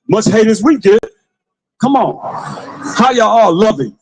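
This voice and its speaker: A man street preaching to passers-by, with forceful call-and-response, repeated phrases and bursts of shouting. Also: high-pitched, lively intonation, a little slow, long pauses, poor audio. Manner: forceful call-and-response, commands a reader to read.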